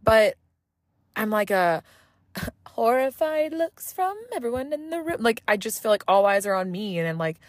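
A woman's voice: a little high, sing-song, normal speed, no echo. A woman from Southeast Texas hosting a casual solo podcast from inside her car, talking into a phone held to her mouth, rambling, swearing freely and poking fun at herself. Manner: rambling, profane, self-mocking. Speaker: podcast host.

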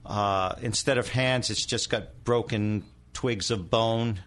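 Man, middle-aged, low voice, dramatic storyteller, interview guest. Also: slow pace, fairly bright tone. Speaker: guest demonologist.

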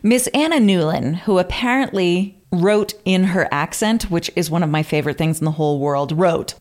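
A woman's voice: lowish voice, normal speed, few pauses, a little mellow. A woman co-hosting a podcast, reading old quotes aloud with theatrical flourish and amused asides in casual chat. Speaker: podcast co-host.

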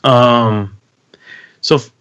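A man's voice: mid-range voice, fairly even intonation, drawn-out words, fairly bright tone, smooth, no echo, highs cut off. A man in his thirties on a podcast, rambling casually with lots of fillers and self-corrections. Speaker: podcast co-host, expectant father. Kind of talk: casual chat.

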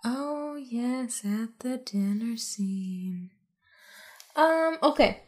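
A woman's voice: on the high side, expressive, very slow, darkish tone. A woman in casual chat, retelling a film's plot in a loose, jokey, profane way. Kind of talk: casual chat recapping a film.

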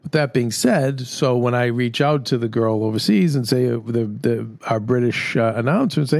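A man's voice: mid-range voice, moderate pace, creaky, few pauses, a little mellow, dry recording, clean studio sound. A middle-aged man co-hosting a chat show, rambling and joking at his own expense. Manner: rambling, self-mocking, jokey. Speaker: podcast co-host. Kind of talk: casual chat.

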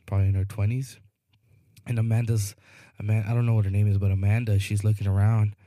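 Rambling low-voiced man telling a story. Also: level tone, fast talker, mellow, no room sound, clean studio sound. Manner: rambling, repeats "you know what I mean", acts out quoted people. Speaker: podcast co-host. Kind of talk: casual storytelling chat.

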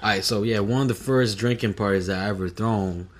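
A man's voice: lowish voice, a little fast. A young man telling a story in casual chat, laid-back and slangy, laughing often.

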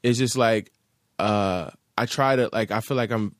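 A man with a fairly low voice talks loosely and easily, trailing into slang and fillers. His speech is recorded close and dry, with no room sound. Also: measured pace, no room sound. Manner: laid-back slangy talk, many fillers. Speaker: rapper and producer, guest. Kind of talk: casual interview chat.

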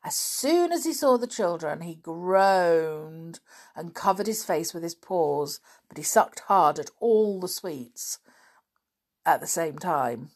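Low-voiced woman reading a children's story, slow and gentle; podcast host. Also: expressive. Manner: gentle, unhurried.

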